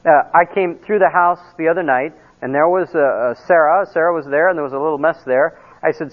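Animated high-voiced preacher, tinny sound. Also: male voice, fairly quick, hardly any pauses. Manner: animated preaching with quoted dialogue and asides. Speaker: pastor. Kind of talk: sermon. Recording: tinny phone-like lo-fi recording.

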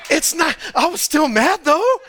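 A man from Texas with a Texan accent, preaching a sermon on a church stage, telling stories in an animated way with frequent laughter and shouting. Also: very high-pitched, a little slow, noisy background. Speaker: pastor.

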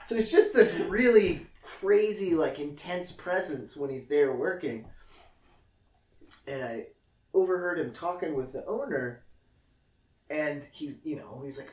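A man's voice: fairly high pitch, slow, long pauses. A man telling a story in casual chat, acting out the people in it. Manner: animated, mimics people in his stories. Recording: roomy, distant mic, faint noise.

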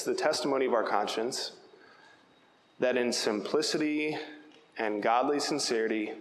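A man's voice: mid-range voice, a little hiss or hum. A young adult male pastor preaching an emphatic, conversational sermon, often checking in with his listeners by asking "right?". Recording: echoey hall with long reverb.

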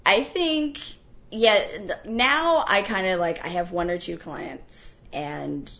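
A woman in casual conversation, telling an animated, profane story and laughing often. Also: medium pitch, takes it slowly, highs cut off. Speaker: guest.

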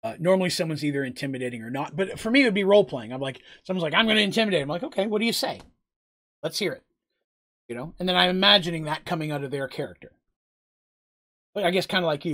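A man's voice: on the high side, fairly bright tone. A man narrating a tabletop game as game master, casual and rambling with fillers.

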